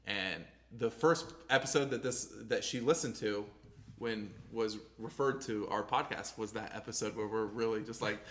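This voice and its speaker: A man co-hosting a podcast rambles casually, swears freely and trails off mid-sentence. His voice is lowish with a fairly bright tone at normal speed, and there's slight background noise.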